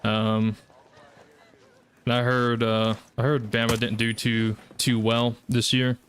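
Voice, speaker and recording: A man's voice: medium pitch, level tone, takes it slowly, fairly bright tone, a little hiss or hum. A man with a Southern US accent chatting casually while streaming a game, rambling with lots of fillers and restarts. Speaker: gaming streamer. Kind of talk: casual live-stream chat while gaming.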